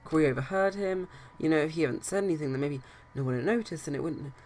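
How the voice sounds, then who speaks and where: A man's voice: on the high side, fast talker, darkish tone. A man casually narrating his life-sim game let's play, rambling with many hesitations and restarts. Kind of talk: casual game commentary and storytelling.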